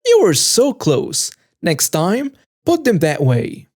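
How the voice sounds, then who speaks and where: A man voicing a condescending, controlling young wife who corrects her husband in a drawn-out, patronizing sing-song. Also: high voice, huge pitch swings, darkish tone, voice pushed up, heavily acted.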